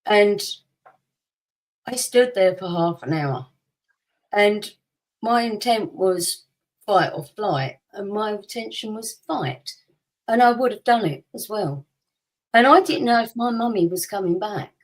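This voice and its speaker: A woman co-hosting a podcast, telling a personal story in a relaxed, chatty way. Her voice sits in an ordinary middle range, and she throws herself into the telling. She acts out other people's lines and breaks into laughter often. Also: medium pitch, unhurried, low-quality recording. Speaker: podcast co-host. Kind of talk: casual chat, personal storytelling.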